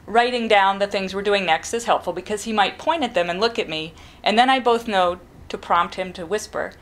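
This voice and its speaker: A middle-aged woman, a parent, calmly explaining step by step how to teach a child to whisper. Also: medium pitch. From New England. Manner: calm, practical, demonstrates whispering. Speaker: parent giving advice. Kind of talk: instructional talk to camera.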